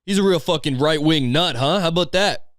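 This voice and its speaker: A man's voice: on the high side, a little fast, a bit bright, no room sound, studio quality. A man hosting a comedy podcast, ranting in a crude, sarcastic, rambling way. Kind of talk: crude casual rant.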